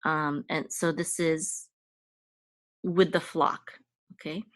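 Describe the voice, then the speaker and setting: A woman's voice: low-pitched, fairly even intonation, slow, fairly bright tone, dry recording. A woman teaching a language lesson, patiently explaining each step with frequent fillers and check-ins. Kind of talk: casual lesson walkthrough.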